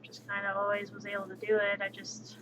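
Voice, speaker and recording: A woman livestreamer chatting casually and outspokenly while she plays, with quick, sassy asides. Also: mid-range voice. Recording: dull lo-fi stream audio with steady background noise.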